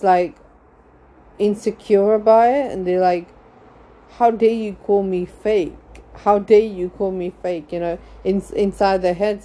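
A woman's voice: lowish voice, dark tone. A young woman hosting a casual gossip podcast, rambling with lots of fillers and frequent laughter. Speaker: podcast host.

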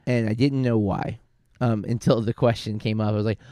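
A man's voice: fairly low pitch, steady tone, a little fast, dark tone, dry recording, clean studio sound. A man co-hosting a podcast, talking through a film in a casual, rambling way, often correcting himself and using fillers. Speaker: podcast co-host.

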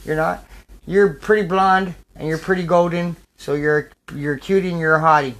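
Casual male podcast host, high voice, rambling and jokey, phone recording at home. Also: fairly even intonation, normal speed. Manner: loose, rambling, jokey, with sudden shouts. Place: a bedroom at home.

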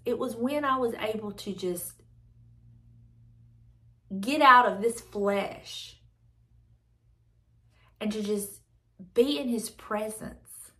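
A woman's voice: a little high, fairly bright tone. Earnest woman reflecting on scripture. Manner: earnest, reflective, repeats phrases. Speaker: devotional channel host. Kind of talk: devotional reading and reflection.

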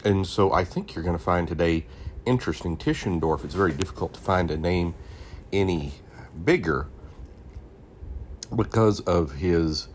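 A man's voice: sits low, a little hiss or hum. A man hosting a Bible podcast, reading an old scholarly text aloud and stopping to add his own comments and spell out names. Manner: reads deliberately, stops to explain names and spellings.

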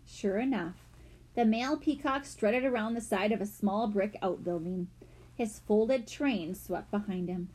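A woman narrating a children's mystery audiobook with expressive storytelling. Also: medium pitch, measured pace, husky.

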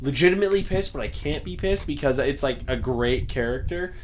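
A man's voice: medium pitch, lively intonation, a little fast, slight background noise. A young man in casual chat with friends, rambling and swearing as he retells a cartoon scene. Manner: rambling, lots of fillers and restarts, swearing. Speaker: friend in conversation.

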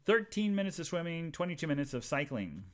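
A man hosting a podcast, telling a long rambling story in a chatty, animated way with many asides to his listeners. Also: brisk. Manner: rambling and animated, jumps to high voices for quoted people. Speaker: podcast host. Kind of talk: casual monologue storytelling.

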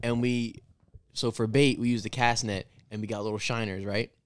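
A man's voice: on the low side, level tone, moderate pace, smooth, no room sound. A young man co-hosting a podcast, telling a story in a laid-back, amused way. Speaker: podcast co-host. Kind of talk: casual chat, storytelling.

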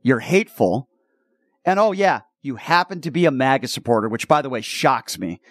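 A man's voice: medium pitch, expressive, normal speed, no room sound, studio quality. Indignant man ranting on talk radio. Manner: indignant, repeats words and restarts when worked up. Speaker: radio show host. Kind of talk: opinionated talk radio commentary.

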